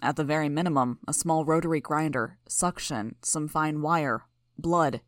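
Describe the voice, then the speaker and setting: A woman with a deep voice plays a smug, blunt male street medic, speaking in a clipped, matter-of-fact way with a hard-to-place accent that hits syllables hard. She talks at a normal speed, and her natural voice is recorded in studio quality with no room sound.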